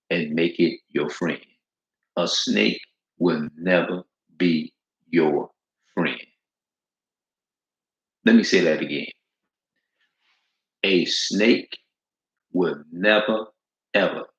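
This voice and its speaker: Deep gravelly preaching man. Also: a bit bright. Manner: emphatic, repetitive, slangy, drawn-out stresses. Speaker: street preacher. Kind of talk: informal preaching with scripture reading. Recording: echoey room, dull lo-fi sound.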